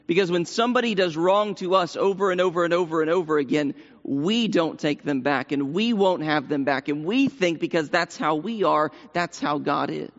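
A high-pitched man delivers an earnest sermon, circling back over his words to drive them home. His voice carries a long hall echo from the church sanctuary, and the sound is dull and lo-fi. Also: fairly bright tone. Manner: earnest, repeats phrases for emphasis. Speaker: preacher.

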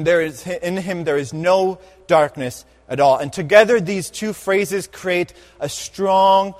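A man preaching a sermon, emphatic, slowing down and repeating key phrases for weight. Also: sits high, big-room sound.

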